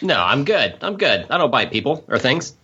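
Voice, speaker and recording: A man's voice: medium pitch, sing-song, normal speed, bright, forceful tone, husky, voice pushed up, full character voice. A man voicing a cheeky, chatty fox folk adventurer, recorded on a dull lo-fi mic. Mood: calm. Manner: playful, giggly.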